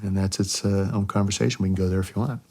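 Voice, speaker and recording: A middle-aged man, a former helicopter pilot, telling war stories as a podcast guest, animated, with dry jokes. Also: deep voice, fast talker. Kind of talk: storytelling in a podcast interview.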